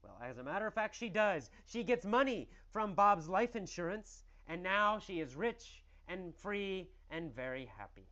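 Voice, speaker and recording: A man teaching English through a story, asking questions and answering them in an animated, exaggerated way. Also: high voice, moderate pace, few pauses, highs cut off.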